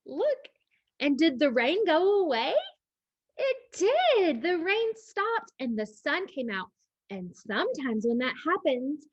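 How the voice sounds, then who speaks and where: Reading a picture book to children in a slow, lively way, a woman librarian stops to quiz her young audience. Her voice is high, and the audio is dull with no room sound.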